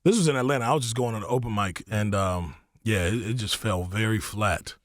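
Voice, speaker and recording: A man's voice: fairly quick, dry recording, studio quality. A young man, a comedian guest, talking casually in a radio interview and telling stories with quoted voices. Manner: laid-back, storytelling, acts out quotes with rising pitch.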